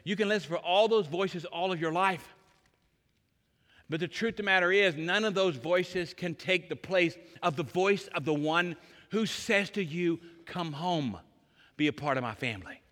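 A man in his sixties delivers an Easter sermon in a large church sanctuary. His voice sits a bit high and sounds bright and forceful. He swings between emphatic, loud lines and soft, hushed passages, and a long hall reverb trails every phrase. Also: normal speed. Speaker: pastor.

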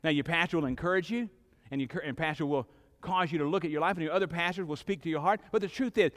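Middle-aged male preacher, emphatic sermon with dramatic pauses, voice a touch high, long sanctuary reverb behind him. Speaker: pastor.

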